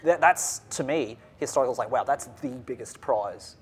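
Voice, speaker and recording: A man's voice: medium pitch, moderate pace. A young man with an Australian accent, co-hosting a podcast in casual, jokey chat at a convention lounge. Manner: animated, jokey storytelling. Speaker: podcast co-host.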